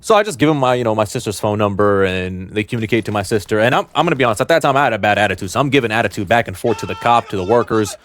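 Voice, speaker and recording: A young man telling a personal story to camera in a blunt, slangy, animated way. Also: fairly low pitch, rapid-fire, few pauses, no room sound. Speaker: storytime vlogger.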